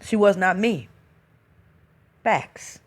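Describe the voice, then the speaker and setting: A woman's voice: medium pitch, lively intonation, very slow, slight background noise. A woman hosting a spiritual talk, speaking in an emphatic, preachy casual style and often tossing in a rhetorical "hmm?". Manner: reads out listener comments.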